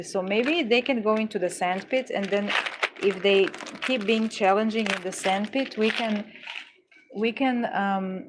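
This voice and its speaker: A woman running a casual art livestream, chatting with viewers in a rambling, playful way with deadpan jokes. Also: medium pitch, noisy background. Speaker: livestream artist. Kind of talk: casual livestream chat reading comments.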